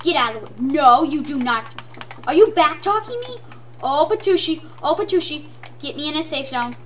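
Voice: sits high, very animated, moderate pace, fairly bright tone. A gameplay commentator talking in a silly, sing-song way and repeating lines over and over. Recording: distant from the mic, faint noise.

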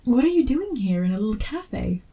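Heavily acted and sing-song, this woman's slightly high, mellow voice carries a breathy edge at a moderate pace. In a whispered role-play, she voices a flustered young fan meeting her favorite author, chattering apologetically and putting herself down.

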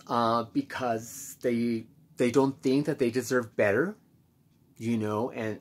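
A man speaking candidly as host of his own self-help channel, reflective and halting with many pauses and restarts. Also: medium pitch, breathy edge. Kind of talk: candid personal monologue.

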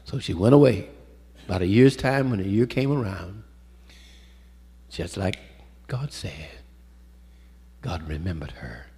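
A man preaching a sermon, swinging from loud calls to hushed storytelling and calling out to the congregation, in a church sanctuary. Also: deep voice, lively intonation, unhurried, pauses often, breathy edge. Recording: echoey hall with long reverb.

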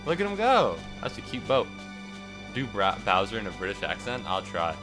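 A man streaming a game, giving energetic, joking commentary and swearing freely. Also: lowish voice, moderate pace, music in the background. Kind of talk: casual gameplay commentary.

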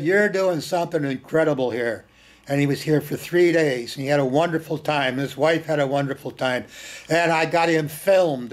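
Animated storytelling man, slightly high voice. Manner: animated, repeats words for emphasis, blunt earthy asides. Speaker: film screening host. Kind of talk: informal storytelling talk.

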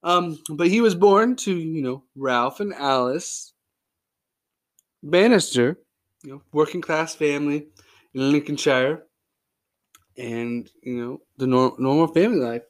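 A man's voice: fairly high pitch, unhurried, pauses often. A man hosting a sports history podcast, telling stories in a joking, goofy way. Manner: joking, goofy, lively storytelling. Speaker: podcast host. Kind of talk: casual podcast narration.

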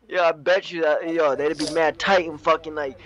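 A man's voice: a little high, a bit bright, dull audio. A young man in casual gaming chat, laid-back and swearing a lot, talking into a headset. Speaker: gamer.

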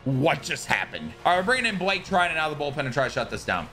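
Young male gamer commentating play-by-play, high bright voice, big excited swings. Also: fast, hardly any pauses, soft background music. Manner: hyped, swings between shouting and groaning. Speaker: gaming YouTuber.

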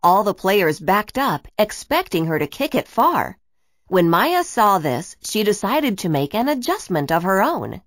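A woman narrating a children's storybook in an expressive, animated reading. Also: medium pitch, unhurried, dry recording, studio quality.

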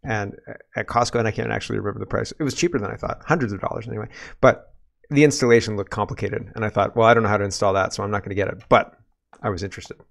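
A man's voice: lowish voice, steady tone, very fast, gravelly, a bit bright. A man in his forties hosting a casual political commentary show, talking animatedly and chuckling between points. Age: 40s.

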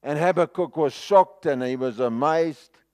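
A South African man preaches with real fervor, his voice sitting high and his pace slow and deliberate. He swings from loud, pleading outbursts down to near-hushed asides. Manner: impassioned, dramatic shifts between loud and hushed. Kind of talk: sermon.

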